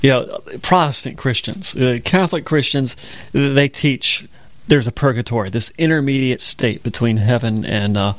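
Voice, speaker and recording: A man's voice: mid-range voice, normal speed. A man co-hosting a religious radio talk program, telling stories and reading scripture in an earnest, conversational way. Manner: earnest storytelling, quotes scripture. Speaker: co-host of a Bible program.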